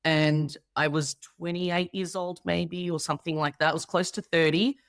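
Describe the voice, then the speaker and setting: A woman's voice: lowish voice, steady tone, moderate pace, no room sound, studio quality. An Australian woman in her thirties, a guest comedian in a casual interview chat, telling stories with animation and acting out the people she quotes.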